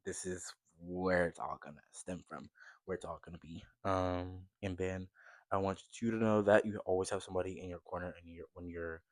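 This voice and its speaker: Deep-voiced, chatty young man. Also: steady tone, fairly quick, dry recording. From United States. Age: 20s. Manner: chatty, rambling, upbeat when showing things. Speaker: vlogger. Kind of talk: casual chat to camera. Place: his bedroom, in bed.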